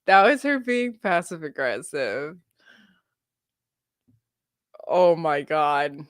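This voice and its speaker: A woman's voice: low-pitched, very animated, takes it slowly, no echo, clean studio sound. A young woman streaming a reaction to a video, chatting and giggling to her viewers and saying "like" a lot. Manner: giggly, chatty, full of filler "like".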